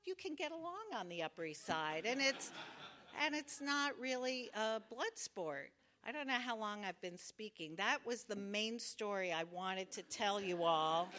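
A woman's voice: a little high, fairly bright tone. A woman telling a wry, self-deprecating personal story at a live storytelling event, acting out the voices she quotes.

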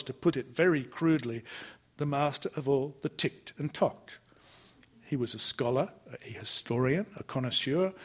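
Husky man reading literary fiction. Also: medium pitch. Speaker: audiobook narrator. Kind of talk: scripted first-person literary narration.

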